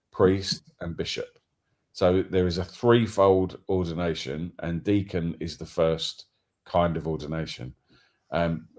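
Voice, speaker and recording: A man from East London with an Estuary English accent, co-hosting a casual chat and explaining things in a measured, relaxed way. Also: low voice. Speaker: co-host.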